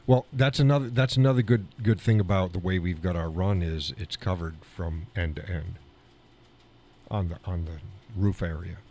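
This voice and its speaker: Deep-voiced American male host; folksy, rambling live-stream chat. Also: normal speed, dark tone. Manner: rambling, folksy, chatty with restarts.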